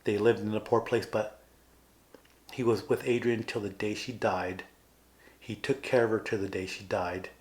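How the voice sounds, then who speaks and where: A man's voice: on the low side, steady tone, moderate pace, long pauses. A man co-hosting a podcast in casual chat, earnestly retelling film scenes and acting out the characters' lines. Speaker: podcast co-host.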